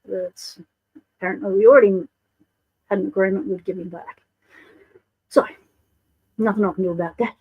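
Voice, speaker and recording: A woman's voice: mid-range voice, steady tone, normal speed, pauses often, breathy edge, narrow, tinny audio. A woman with an Australian accent hosting a casual livestream, chatting and greeting viewers by name. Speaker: livestream host.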